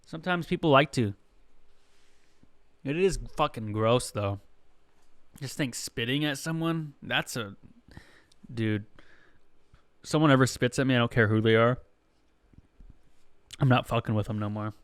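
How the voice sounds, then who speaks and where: Smooth-voiced man rambling through a comedy monologue. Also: medium pitch, a little slow, pauses often, dry recording. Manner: profane, rambling, conversational. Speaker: podcast host.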